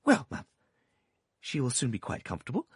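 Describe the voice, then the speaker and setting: Brief: timid gentle doctor read by a man, soft and deferential, slightly husky, dry audiobook sound. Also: medium pitch, huge pitch swings, a little fast, no room sound, pitched above the performer's own voice, full character voice. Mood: meek. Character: mild meek male country doctor, timid and soothing. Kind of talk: audiobook character voice.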